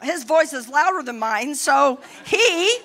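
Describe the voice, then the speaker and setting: A middle-aged woman pastor preaching a sermon boldly, rising to shouts between laughing asides. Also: high voice, big pitch swings, takes it slowly.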